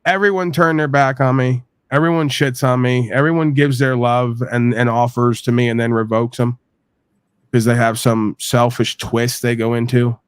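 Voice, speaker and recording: A man's voice: mid-range voice, moderate pace, clean tone, no room sound. Crude, ranting man from New York. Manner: crude, rambling, animated venting. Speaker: podcast host. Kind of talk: profane ranting monologue.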